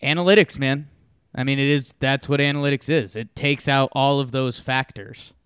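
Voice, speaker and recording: A man's voice: medium pitch, steady tone, normal speed, a bit bright, clear, resonant tone, no room sound, studio quality. A man co-hosting a podcast, trading casual sports talk in short, laid-back replies. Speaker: podcast co-host.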